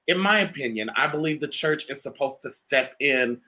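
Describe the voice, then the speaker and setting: A man's voice: mid-range voice, lively intonation, normal speed, sharp tone. A man hosting an interview, reflective and asking long winding questions. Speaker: host.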